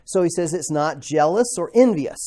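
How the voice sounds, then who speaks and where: A man teaching a classroom Bible lesson in a conversational way, asking the class questions and acting out quoted voices with sudden loud outbursts. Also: fairly high pitch, expressive, moderate pace.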